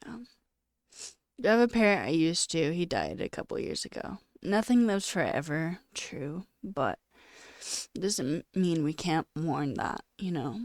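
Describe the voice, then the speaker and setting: A woman talking casually on a live stream, tearful and crying, speaking in halting phrases broken by sighs. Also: low voice, lively intonation, dry recording, clean studio sound. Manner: halting, sighing, quietly emotional.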